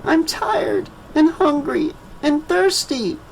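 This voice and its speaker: A man's voice: very high-pitched, a little slow, a little hiss or hum, voice pushed up, rough recording. A man voicing a scared little girl. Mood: tired, whiny. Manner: small, soft and shaky. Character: frightened little girl, young and tearful. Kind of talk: audiobook character voice.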